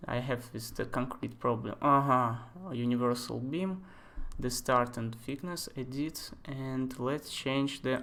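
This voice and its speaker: A man in his twenties, not a native English speaker, thinking aloud and chatting with viewers during a live software tutorial. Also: medium pitch, gravelly. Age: 20s. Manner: thinks aloud, chatty asides, answers chat questions. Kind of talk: live screen-share tutorial.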